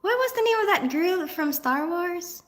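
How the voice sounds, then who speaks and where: A woman's voice: extremely high pitch, lively intonation, unhurried. A woman from the Philippines, chatting casually on a livestream, reading out comments in a rambling way and laughing often. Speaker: nurse and livestream host reading viewer comments.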